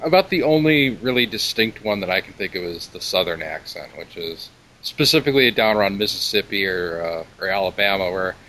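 A man co-hosting a podcast, explaining things in a measured way with dry humour. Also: sits low, animated, sharp tone, rough recording. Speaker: podcast co-host. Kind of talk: casual conversational interview.

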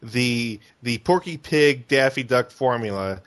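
An excitable man chats casually on a podcast. His pitch bounces around as he reacts. He often breaks in with quick exclamations. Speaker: podcast co-host. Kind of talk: casual chat.

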